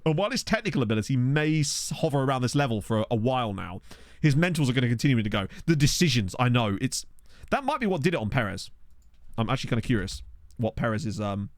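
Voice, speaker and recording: A man talks through a football management game on his stream, musing aloud in a loose, chatty way. His pitch swings up and down a lot as he reacts. The sound is close and dry, with no room around it. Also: big pitch swings, fast talker, dry recording. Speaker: gaming streamer. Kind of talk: casual let's-play commentary. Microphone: desk microphone.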